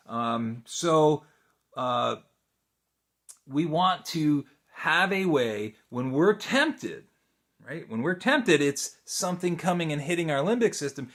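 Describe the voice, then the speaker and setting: A middle-aged man, a therapist, teaching in a relaxed, conversational way with many fillers and restarts and frequent rhetorical questions. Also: on the high side. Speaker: therapist teaching a video course. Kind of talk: unscripted teaching talk to camera.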